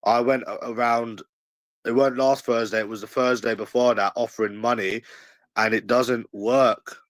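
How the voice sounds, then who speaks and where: A man's voice: medium pitch, steady tone, moderate pace. A man in his early twenties with a London accent talks casually to his livestream audience. He argues back at the chat in a defensive, slangy way and circles back to the same points. His mid-range voice sounds dry and close to the mic, with no room echo. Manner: defensive, argumentative, slangy, repeats himself. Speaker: livestream host.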